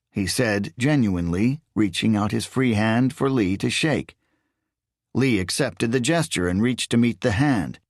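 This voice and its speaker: A man reading a thriller audiobook in measured, expressive scripted narration. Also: fairly low pitch, no room sound, studio quality.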